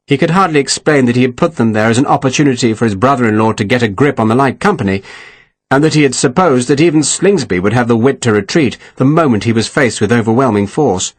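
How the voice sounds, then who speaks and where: Audiobook narrator, male, husky, lively delivery. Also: medium pitch, quick pace. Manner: expressive storytelling. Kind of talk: scripted narration.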